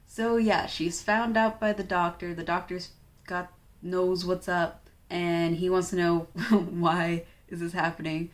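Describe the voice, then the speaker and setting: A woman's voice: fairly low pitch, steady tone, normal speed. Chatty young woman recapping a manga. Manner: chatty, filler-heavy, wry. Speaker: manga reviewer. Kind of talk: casual book recap.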